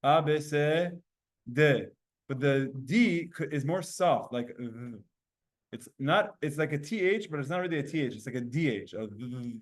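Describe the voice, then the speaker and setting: A man leads a Talmud lesson for a room of students. His voice sits fairly high, and he explains in an animated way, sounding out letters to show his point. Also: moderate pace. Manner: animated, explains with spoken demonstrations. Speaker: Torah teacher. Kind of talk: Talmud class lecture.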